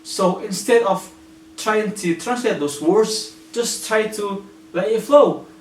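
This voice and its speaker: A man's voice: sits high, takes it slowly. An Indonesian-speaking man giving earnest, patient English-learning tips with plenty of examples. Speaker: English teacher. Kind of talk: explanatory lesson. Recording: echoey room, slightly distant mic, faint hum.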